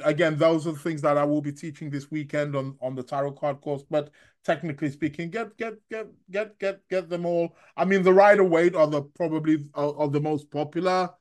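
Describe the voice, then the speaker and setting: A man who reads tarot, chatting on a live stream and reading out viewer comments, rambling and halting with frequent restarts and chuckles. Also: on the high side. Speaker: astrologer and tarot reader.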